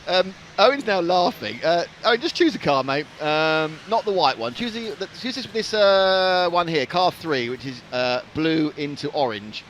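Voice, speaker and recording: A man in his fifties rambles cheerfully through live race-stream commentary, with plenty of jokes and asides. His voice sits somewhat high and leaps about in pitch, and there is faint noise behind him. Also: expressive, normal speed, hardly any pauses, a bit bright. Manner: chatty, jokey, rambling.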